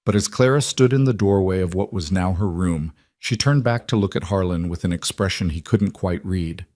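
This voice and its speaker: A man narrating a western romance story in a calm, measured scripted reading. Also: deep voice, no echo, studio quality.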